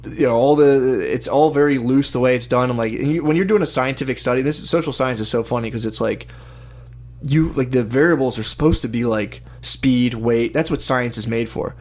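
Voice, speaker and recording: A young man chatting casually, rambling through an animated story and mimicking other people's voices. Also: mid-range voice, a little fast. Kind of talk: casual chat.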